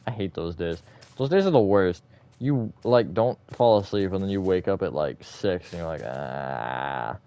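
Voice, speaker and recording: Low-voiced guy streaming, flat then energetic. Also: normal speed. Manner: swings between flat, disappointed-sounding and bursts of high energy; rambling, thinks aloud with fillers and self-corrections. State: short on sleep. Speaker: livestreamer. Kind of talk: casual livestream chat while gaming.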